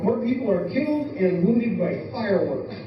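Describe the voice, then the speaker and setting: A male comedian telling stories in a stand-up set on a club stage, with a deadpan delivery. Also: sits high, moderate pace, background noise. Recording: echoey club from far off, dull, loud crowd.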